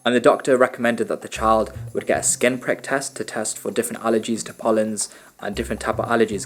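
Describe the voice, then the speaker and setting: A man's voice: fairly low pitch, gravelly. A young man, a medical student, casually vlogging to camera and explaining his day with easy restarts. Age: young adult.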